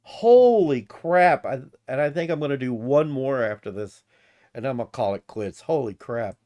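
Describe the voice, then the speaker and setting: A man's voice: medium pitch, brisk, a little mellow. Profane, rambling American man. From United States. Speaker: reaction video host. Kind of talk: casual reaction commentary.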